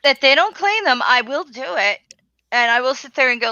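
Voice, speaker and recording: A woman's voice: high voice, animated, fairly quick, bright, forceful tone, no room sound, highs cut off. A woman in casual live-stream chat, telling stories in a blunt, profane way.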